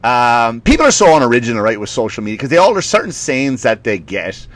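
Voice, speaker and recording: Profane Irish comedian, bright tone. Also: male voice, medium pitch, sing-song, quick pace, dry recording. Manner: profane, rambling, laughing at his own story. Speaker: stand-up comedian. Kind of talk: comedic rant.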